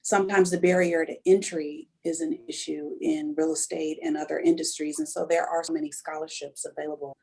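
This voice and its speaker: A woman's voice: sits low, animated, a little fast, gravelly, hardly any pauses, mellow, breathy edge, low-quality recording. A woman on a real estate panel who speaks frankly and persuasively. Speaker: realtor panelist. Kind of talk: panel discussion.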